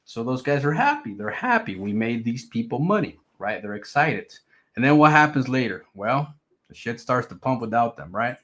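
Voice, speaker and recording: A man's voice: medium pitch, normal speed. A man giving casual, emphatic market commentary on his stream, repeating his points. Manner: emphatic, repetitive, animated swings in loudness. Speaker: crypto streamer.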